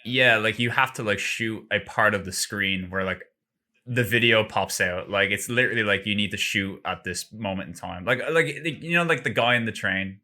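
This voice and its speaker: Here a man with a lowish voice speaks at a moderate pace, his tone pushed and bright. It's loose, rambling gaming-podcast chatter, full of "like."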